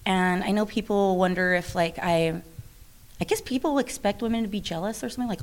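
Woman wrestler, interview guest: chatty, animated, frequent restarts and laughs. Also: mid-range voice, a little fast. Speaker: professional wrestler. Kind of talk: interview conversation.

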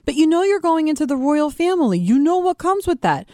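Woman radio co-host, high voice, blunt and emphatic, dry studio sound. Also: big pitch swings, brisk, a little mellow, dry recording. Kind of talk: casual radio banter.

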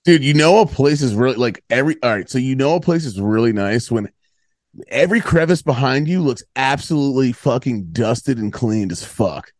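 A man's voice: mid-range voice, lively intonation, moderate pace, a little mellow, no echo. Crude, joking young man, dry sound. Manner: crude, joking, filler-heavy. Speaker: podcast co-host. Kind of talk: casual chat.

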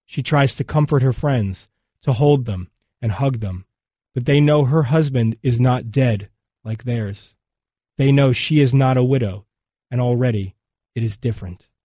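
A man reading scripted documentary narration in a measured, somber and unhurried way, recorded close on a studio mic. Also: mid-range voice, warm tone, no room sound.

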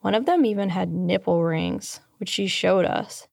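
Dry, gravelly-voiced woman narrating a memoir. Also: on the low side, a little slow, dry recording. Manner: candid, dry and deadpan. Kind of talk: scripted first-person memoir narration.

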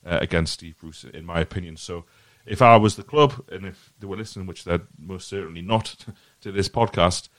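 In casual football podcast talk, the male host speaks low-pitched at a moderate pace, barely pausing. His sincere opinion meanders with frequent repetition, and there's no echo.

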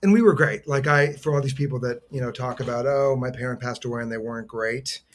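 A middle-aged man talks as a podcast guest at a mid-range pitch. He tells his stories earnestly and from the heart, rambling and restarting his sentences as he goes. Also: fast talker, slight background noise. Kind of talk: conversational storytelling.

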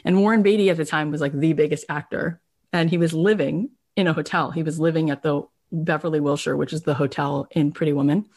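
A woman podcast host telling a story in a casual, animated way, full of "like" fillers and lively acted-out quotes. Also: low-pitched, a little fast. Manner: animated, chatty, many "like" fillers.

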